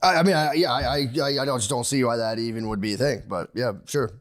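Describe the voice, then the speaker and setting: A man's voice: medium pitch, fast. A man co-hosting a comedy podcast, casual and rambling, swearing often and acting out his own quotes. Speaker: podcast co-host; comedian and dad. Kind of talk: casual chat.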